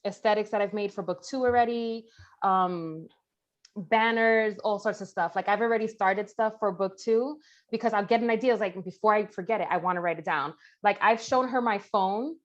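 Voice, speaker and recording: A woman's voice: mid-range voice, normal speed. Chatty woman author, dull lo-fi sound. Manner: chatty, eager, repeats herself. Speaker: author guest. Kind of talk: casual chat.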